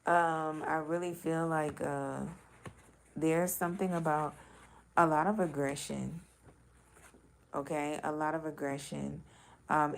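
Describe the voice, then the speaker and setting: A woman's voice: deep voice, a little hiss or hum. A woman giving a casual intuitive reading, talking loosely and bluntly with swearing and many filler words. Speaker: spiritual card reader.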